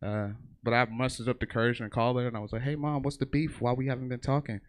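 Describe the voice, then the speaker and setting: This fast-talking man has a medium pitch and a flat delivery as he does profane stand-up on a theater stage. He tells stories and acts out other people's voices in short bursts.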